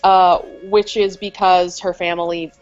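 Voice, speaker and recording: A woman's voice: on the low side, little pitch movement, a little slow, muffled recording, soft background music. Chatty woman playing a tabletop game. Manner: chatty, giggly, hesitant with fillers. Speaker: player. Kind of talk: casual tabletop game play.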